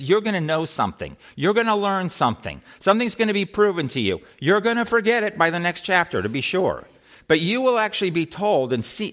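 A man teaching a Bible study in a rising and falling, animated voice. He asks the group questions, restarts his sentences and acts out quoted speech. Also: a little high.

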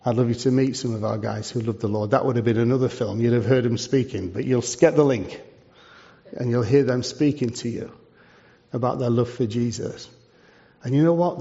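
A man's voice: mid-range voice, mellow. A man, a charity leader giving a preaching talk to a church, conversational and full of rhetorical questions. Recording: dull lo-fi sound.

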